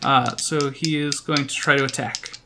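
A man with a bright, forward voice plays a tabletop game and earnestly explains his character's motives. Faint background noise sits under his voice. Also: mid-range voice, fairly even intonation, normal speed, creaky. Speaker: player. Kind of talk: casual tabletop play.

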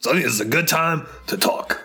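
A man's voice: on the high side, fast talker, pushed and bright. A man voicing a male adventurer who plays therapist to his party, probing and playful in a tabletop role-play. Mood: coaxing. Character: mock-therapist male adventurer, coaxing and jokey. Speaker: player.

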